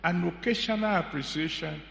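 A man's voice: on the high side, vocal fry, fairly bright tone, slight background noise. A man preaching a sermon with humor, stretching words for emphasis. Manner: humorous, drawn-out emphatic delivery. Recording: echoey hall with faint ambience.

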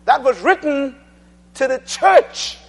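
High-pitched preacher. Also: male voice, expressive, slow, gravelly. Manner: call-and-response, drilling the congregation to repeat phrases; swings between loud declarations and low quiet asides. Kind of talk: sermon.

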